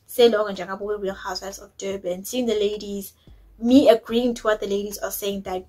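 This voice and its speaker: A woman's voice: medium pitch, fairly even intonation, brisk, darkish tone, low-quality recording. A woman, chatting opinionatedly as she recaps a reality show episode, dropping in isiZulu words. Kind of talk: casual recap chat.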